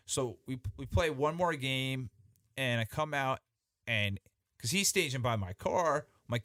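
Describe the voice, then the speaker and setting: A man telling a story as a podcast guest in casual chat, animated and profane, with many restarts. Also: mid-range voice, a little slow, no echo, studio quality.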